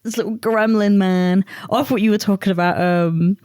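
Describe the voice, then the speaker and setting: A woman co-hosting a casual chat, animated, laughing often and swearing freely. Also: medium pitch, moderate pace, clear, resonant tone, no room sound, clean studio sound. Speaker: podcast co-host.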